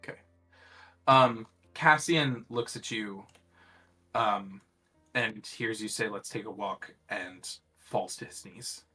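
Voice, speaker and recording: A man's voice: lowish voice, slow pace, long pauses, bright, forceful tone, soft background music. A man narrating as game master of a tabletop game, hesitant with many fillers.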